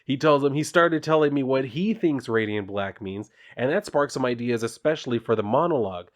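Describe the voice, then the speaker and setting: A man's voice: medium pitch, expressive, fairly quick. A man casually recapping a comic book issue in a loose, rambling way, with fillers and the odd swear word.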